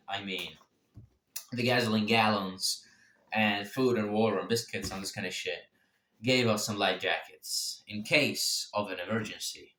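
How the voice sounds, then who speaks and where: A young man telling his own story casually, swearing freely and jumping in pitch and loudness. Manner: profane, animated, sudden swings in pitch and loudness. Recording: echoey room.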